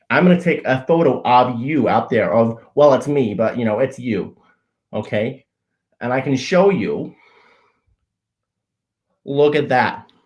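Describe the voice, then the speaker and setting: Deadpan man hosting a mock-earnest comedy show. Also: mid-range voice. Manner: deadpan, faux-earnest explaining of obvious things; halting, frequent restarts and self-corrections. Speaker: show host.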